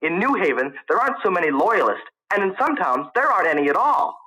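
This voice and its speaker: A man's voice: high voice, very animated, quick pace, pushed and bright, voice pushed up, full character voice, low-quality recording. A man reading aloud, voicing a nervous, argumentative young college student who keeps defending himself. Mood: heated. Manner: eager, defensive.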